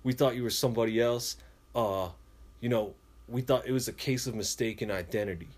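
Man, casual storyteller, animated, acts out the lines he quotes. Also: medium pitch, brisk.

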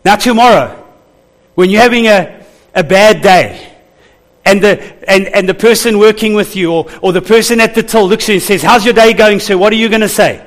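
A man's voice: high-pitched, normal speed. A man preaching a sermon to his church as pastor, calling out to the congregation for responses.

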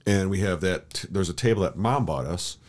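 A man's voice: low-pitched, moderate pace. A man co-hosting a podcast, talking in a rambling casual way with many restarts and fillers. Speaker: podcast co-host. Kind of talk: casual chat.

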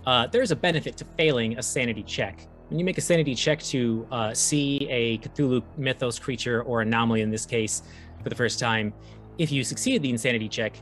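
A man running a tabletop horror game as game master, describing scenes casually with many filler words and explaining rules quickly. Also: medium pitch, fairly bright tone, faint music behind.

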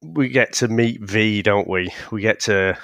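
A man, co-hosting a casual film review podcast, laid-back and halting with the odd swear. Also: fairly low pitch, gravelly, fairly bright tone, no echo. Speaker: podcast co-host.

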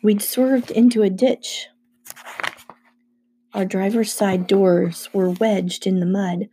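Lady reading a novel out loud, brisk storytelling, mellow dark tone. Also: mid-range voice, steady tone, slight background noise. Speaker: audiobook reader. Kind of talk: first-person novel narration.

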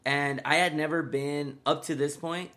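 A man's voice: fairly high pitch, fairly even intonation, normal speed, bright, forceful tone. Brief: young male podcast co-host, casual storyteller, loose, swears freely, chuckles through stories. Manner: rambling, laughs often, swears casually.

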